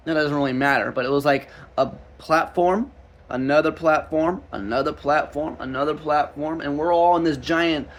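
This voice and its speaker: A young man working as a street minister gives a rambling personal testimony in a slightly high voice, restarting his sentences often.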